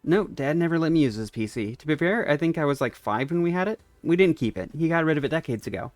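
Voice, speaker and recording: A man's voice: fairly high pitch, lively intonation, fast talker, no echo, soft background music. Casual man reading game dialogue. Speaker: let's play host.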